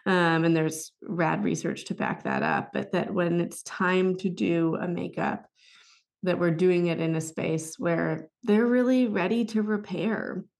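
A woman's voice: lowish voice, expressive, measured pace, gravelly, darkish tone. A woman hosting a podcast, affirming her guest and reflecting, sometimes acting out quoted apologies to a child. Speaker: podcast host. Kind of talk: conversational interview.

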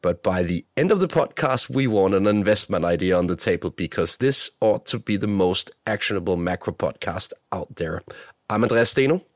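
A man hosting a finance podcast, talking things through in a measured way with small fillers. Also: sits low, animated, no echo, clean studio sound. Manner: measured, thinking aloud with fillers. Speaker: podcast host. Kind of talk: casual finance chat.

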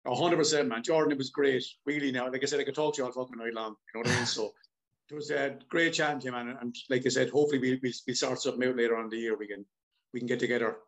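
An Irish man chatting as a podcast guest, swearing freely and telling animated stories. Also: mid-range voice, rapid-fire, gravelly, rough recording. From Ireland. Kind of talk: casual podcast chat.

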